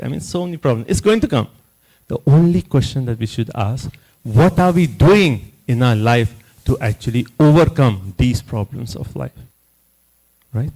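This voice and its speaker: A man giving a scripture class at a temple, telling the story in an animated way and often checking in with "you know" and "right?". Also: medium pitch, gravelly, poor audio.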